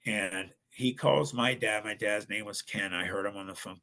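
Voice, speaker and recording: Gravelly middle-aged man telling a story. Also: fairly low pitch, moderate pace, few pauses. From Ohio, United States. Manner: animated, acts out others' voices. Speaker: guest. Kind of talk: casual storytelling.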